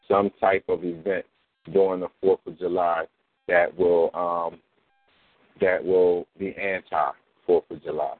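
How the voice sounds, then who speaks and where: A man hosting a radio talk show, earnest and hesitant, pausing on many fillers while thanking listeners. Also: sits low, no room sound. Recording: dry, tinny phone-like sound.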